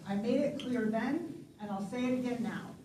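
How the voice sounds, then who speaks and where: A woman's voice: on the high side, normal speed, recorded from a distance. A woman county commissioner giving a firm, assertive campaign speech at a candidate forum. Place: public forum hall. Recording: echoey room with audible noise.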